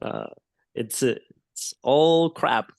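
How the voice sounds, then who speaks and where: A man coach talks through his ideas in a casual roundtable, earnest and a little halting. His voice has a gravelly, creaky edge and sits close and dry on the mic. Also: medium pitch, no room sound. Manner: earnest, explanatory, with hesitant restarts.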